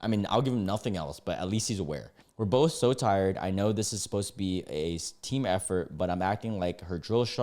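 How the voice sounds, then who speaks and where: A man's voice: sits low, a little mellow. A young adult man reading online posts aloud and reacting in a casual, incredulous way. He laughs often and fills his talk with "like".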